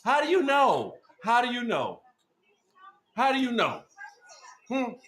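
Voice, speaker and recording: A high-voiced man hurls taunts at a caller on an online group call, repeating the same jab again and again. His voice bounces around in a roomy, echoing sound. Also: wildly swooping pitch, takes it slowly. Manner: loud, mocking, repeats insults over and over. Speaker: podcast host. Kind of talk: heated argument on a group call.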